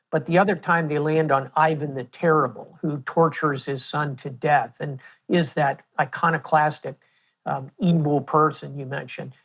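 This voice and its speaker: A man in his sixties with an American accent, a guest answering interview questions in a measured, storytelling way. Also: on the high side, fairly bright tone. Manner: measured, storytelling with historical examples. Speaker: guest, retired admiral.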